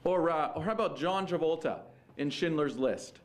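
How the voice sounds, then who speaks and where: A man's voice: a little high, moderate pace. A male stand-up comedian in a conversational, musing set with some hesitant fillers.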